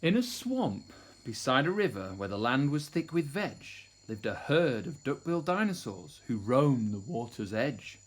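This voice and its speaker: A man reads a rhyming children's picture book aloud, keeping a bouncy rhythm. His voice is very lively, rising and falling through the lines at a middling pitch. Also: normal speed, hardly any pauses. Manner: rhythmic, expressive. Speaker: storyteller.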